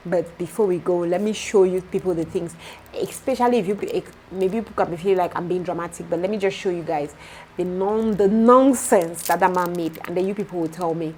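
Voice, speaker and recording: A young woman with a Nigerian accent, a vlogger and shop owner telling an exasperated story in casual talk, breaking into loud outrage. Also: fairly low pitch, fairly quick, slight background noise, poor audio.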